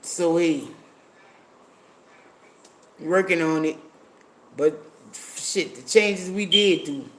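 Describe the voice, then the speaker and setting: A man's voice: on the high side, drawn-out words, long pauses, a bit bright. A man chatting casually on a livestream, blunt and profane, reading viewer comments aloud. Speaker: livestream host.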